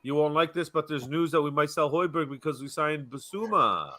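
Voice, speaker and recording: A man's voice: a little high, fairly quick, pushed and bright. A man in his forties hosting a casual live stream, chatting and greeting viewers by name.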